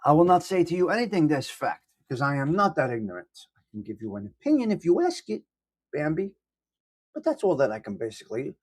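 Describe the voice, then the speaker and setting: A man's voice: a little high, big pitch swings, quick pace, a little mellow. A man hosting a casual live-stream coffee chat, rambling and self-deprecating as he greets viewers by name. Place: indoors at home.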